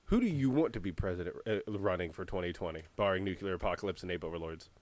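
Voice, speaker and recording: A man chatting casually on a podcast, animated, acting out imagined dialogue and laughing often. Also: deep voice, quick pace. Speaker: podcast co-host. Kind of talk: casual chat.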